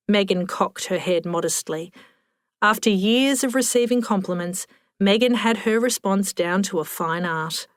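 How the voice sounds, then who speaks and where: A woman reads a story aloud with wry, measured delivery, at an everyday pitch. The voice is dry and close, with no room around it. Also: no room sound. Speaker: audiobook narrator. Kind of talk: scripted narration.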